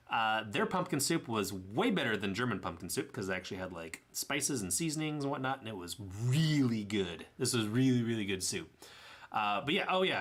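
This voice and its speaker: A young man with a Tennessee drawl talks over his travel photos in a loose, meandering voice-over. His tone is bright and forward, and he keeps stumbling over words, fixing them, and chuckling at himself. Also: lowish voice. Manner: rambling, self-correcting, chuckling. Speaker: travel vlogger. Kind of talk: casual voice-over narration of trip photos.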